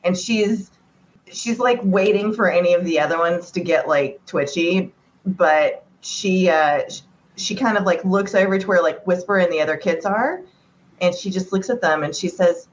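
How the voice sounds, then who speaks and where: Lo-fi low-voiced woman player. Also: normal speed. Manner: chatty, hedging with "like". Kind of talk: casual tabletop play. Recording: dull lo-fi sound with faint noise.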